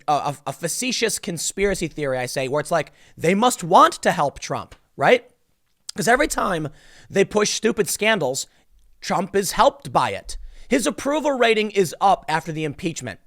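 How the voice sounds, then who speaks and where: A man in his thirties delivers solo commentary in an exasperated, sarcastic rant. His voice sits a little high for a man. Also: fairly bright tone. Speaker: political commentator.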